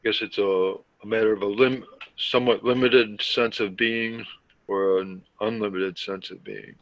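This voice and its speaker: A man joining a spiritual discussion over a video call, pausing and restarting as he speaks. His voice sits low. The sound is dry, with no room echo. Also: steady tone, fairly bright tone. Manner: hesitant, halting. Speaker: participant.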